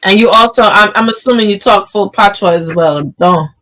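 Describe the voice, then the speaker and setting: A woman's voice: medium pitch, normal speed, fairly bright tone, slight background noise, poor audio. A woman hosting an interview, asking questions and reacting often with short exclamations in a casual way. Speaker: interviewer, host.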